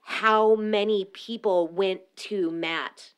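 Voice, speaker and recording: A woman hosting a podcast in a casual group chat, chatty, quick to laugh and swearing freely. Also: medium pitch, steady tone, clear, resonant tone. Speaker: podcast host presenting research.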